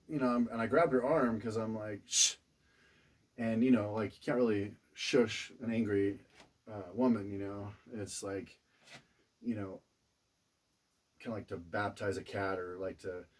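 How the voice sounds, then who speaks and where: A man's voice: fairly low pitch, husky, far from the mic. A man casually telling a funny personal story, rambling with lots of fillers, restarts and chuckles.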